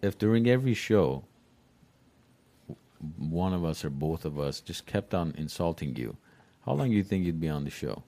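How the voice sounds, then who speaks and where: A man co-hosting a casual chat, measured, putting probing questions to the guest. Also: sits low, big pitch swings, warm tone. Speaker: co-host.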